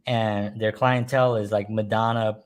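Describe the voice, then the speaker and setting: A man's voice: fairly low pitch, moderate pace. A man, casually telling stories and chuckling as he talks. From New York. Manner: animated storyteller, chuckles while talking, puts on voices in quotes. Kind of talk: casual storytelling chat.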